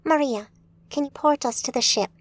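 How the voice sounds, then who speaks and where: A woman voicing a quick-thinking young woman mage who leads her group and is at times flustered. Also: high voice, pitched above the performer's own voice, lightly acted. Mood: decisive. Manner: decisive, a little flustered.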